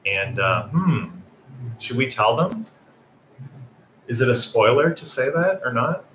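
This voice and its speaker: A man's voice: medium pitch, sing-song, slow, a bit bright. A man, the show's co-creator, hosting a casual live chat and reading out viewer questions with a laugh. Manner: chatty, laughs often, reads viewer questions. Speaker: series co-creator and host. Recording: echoey room with faint noise.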